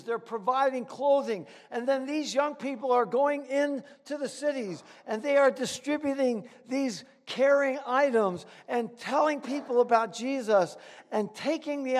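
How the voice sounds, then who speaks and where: A man preaching a sermon and telling a story earnestly, with dramatic pauses. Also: very high-pitched. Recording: echoey hall.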